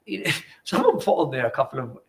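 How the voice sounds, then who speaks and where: A man's voice: mid-range voice, very animated, quick pace, a loud crowd. A man in his forties, a former footballer, telling rambling, sweary stories in a casual interview in a bar.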